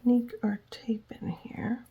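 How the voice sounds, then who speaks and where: Soft-whispering woman crafting slowly. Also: fairly high pitch, level tone, highs cut off, slight background noise. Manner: whispers while working with her hands, talks to herself. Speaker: journaling channel host.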